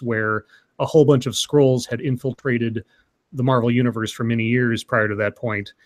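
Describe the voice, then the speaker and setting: A man co-hosting a casual live stream, chatty and explaining topics at length. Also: medium pitch. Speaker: stream co-host.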